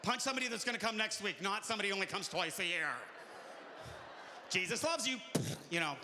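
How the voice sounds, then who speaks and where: A man performing live stand-up comedy, telling animated stories and jumping into shouted character voices. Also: high voice, fast talker, a little hiss or hum. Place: live venue with audience. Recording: echoey live hall.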